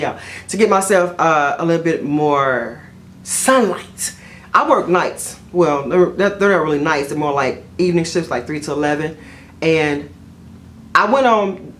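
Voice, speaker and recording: A middle-aged woman, telling stories to camera in a chatty, expressive way and often saying "y'all.". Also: mid-range voice. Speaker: vlogger. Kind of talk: casual storytelling to camera.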